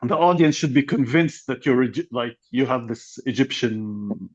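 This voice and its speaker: A man's voice: mid-range voice, lively intonation, moderate pace. A man co-hosting a podcast in casual chat, rambling with many restarts and fillers. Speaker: podcast co-host, comedian. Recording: dull lo-fi sound.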